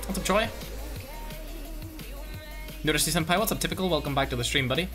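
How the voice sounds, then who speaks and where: A young Northern Irish man commentates his own gameplay for a live stream, bursting into excited shouts and then dropping to quiet mutters as he greets chat in slangy banter. His voice is bright and forceful. Faint music plays behind him. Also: a little high, fairly quick. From Northern Ireland. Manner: excitable, slangy, swings between loud outbursts and muttering. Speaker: game streamer.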